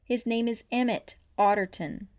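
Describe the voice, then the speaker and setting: A woman voicing a worried, pleading female otter searching for her husband in a storybook reading, soft-spoken. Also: on the high side, moderate pace, close to an everyday voice.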